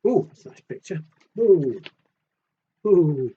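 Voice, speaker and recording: A man reading picture books aloud to children in a gentle, chatty way, often asking the listener questions. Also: on the high side, expressive, takes it slowly, husky, highs cut off. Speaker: children's storyteller.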